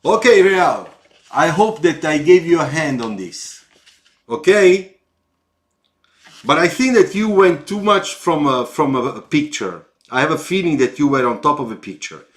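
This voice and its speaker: A man with an Italian accent giving live feedback on car sketches, slow and halting, with encouraging asides. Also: fairly high pitch, lively intonation.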